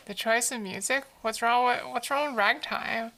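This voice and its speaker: A woman's voice: a little high, bright, forceful tone. A woman streamer chatting casually while she draws, answering chat messages aloud in a playful, teasing way.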